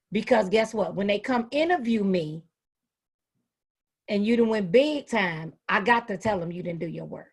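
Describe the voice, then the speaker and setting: A woman hosting a casual panel discussion with educators over a video call. She tells lively stories and calls people baby and sweetie. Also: mid-range voice, moderate pace. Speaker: host and educator.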